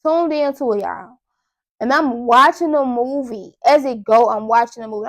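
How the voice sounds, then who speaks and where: A young adult woman hosting a podcast, telling a story in a casual, animated monologue and talking straight to her listeners. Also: a little high, normal speed. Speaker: podcast host.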